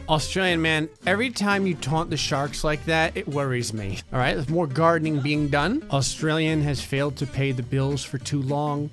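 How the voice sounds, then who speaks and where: Wry man doing game commentary. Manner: wry, joking narration with sudden high laughing jumps. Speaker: gameplay commentator. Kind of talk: casual let's-play commentary.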